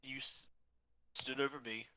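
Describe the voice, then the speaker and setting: Bright-voiced man playing his character. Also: mid-range voice, level tone, measured pace. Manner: earnest, pleading. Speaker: player. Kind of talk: in-character tabletop role-play.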